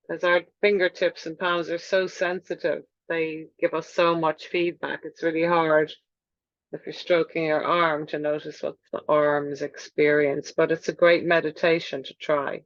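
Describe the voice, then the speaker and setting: Gentle woman guiding a yoga class. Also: on the low side, no echo, dull audio. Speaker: yoga teacher. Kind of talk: guided movement class. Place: room with wooden floor.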